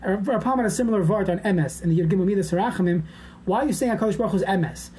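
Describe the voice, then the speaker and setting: A woman's voice: medium pitch, rapid-fire, warm tone, a little hiss or hum. A woman giving an informal, conversational lecture as a class teacher, explaining points step by step.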